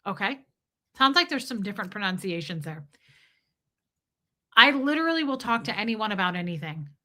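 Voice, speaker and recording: Bright-voiced woman chatting on a livestream. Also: medium pitch, big pitch swings, a little fast. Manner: chatty, reads chat aloud, giggly. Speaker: livestream host. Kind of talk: casual livestream chat.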